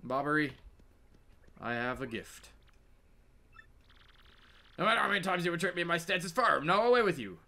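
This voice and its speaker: A man's voice: a little high, expressive, moderate pace, gravelly, pauses often, bright, forceful tone, voice pushed up, heavily acted. A man voicing a stubborn, grieving old sailor who speaks in a stern, firm way.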